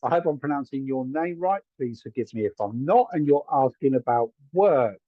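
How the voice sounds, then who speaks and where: A man's voice: mid-range voice, expressive, normal speed, no room sound, narrow, tinny audio. A man giving live psychic readings to viewers from a room at home, chatty and hedging, often checking whether his words make sense. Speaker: psychic medium.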